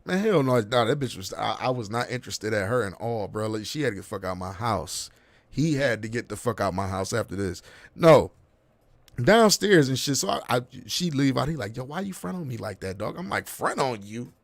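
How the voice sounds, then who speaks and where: A man in his thirties hosts a casual podcast chat, spinning a long story with street slang and acting out the quotes. His voice sits at a middle pitch and is recorded dry and close to the mic. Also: a little fast, no room sound. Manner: animated, profane street slang, acts out quotes. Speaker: podcast host.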